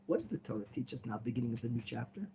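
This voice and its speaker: Animated gravelly rabbi teaching a class. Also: male voice, mid-range voice, racing, a little hiss or hum. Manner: animated, questioning the class, bursts of theatrical excitement. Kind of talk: interactive Bible lesson. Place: classroom at a yeshiva.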